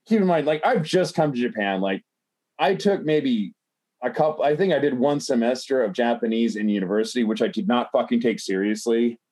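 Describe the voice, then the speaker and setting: A man's voice: mid-range voice, brisk, darkish tone. A man telling a long personal story in casual podcast chat, rambling with lots of fillers and swearing.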